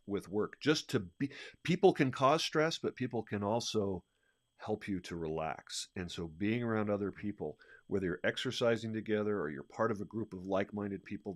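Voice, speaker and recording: A man who is a leadership coach, talking in an energetic, animated way and restarting his sentences often. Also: fairly low pitch, dry recording, studio quality. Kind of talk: conversational podcast discussion.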